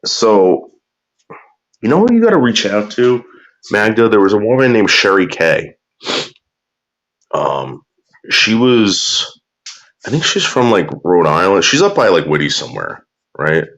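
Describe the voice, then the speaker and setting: Crude ranting man with a lively pitch. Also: measured pace, long pauses, highs cut off. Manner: crude, bitter, swings between drawling and muttering. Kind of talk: profane casual rant.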